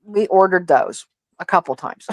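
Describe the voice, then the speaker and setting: Chatty woman telling animated stories. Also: fairly low pitch, measured pace, no room sound, faint music behind. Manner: animated storytelling, acts out quoted voices. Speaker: livestream co-host. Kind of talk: casual chat.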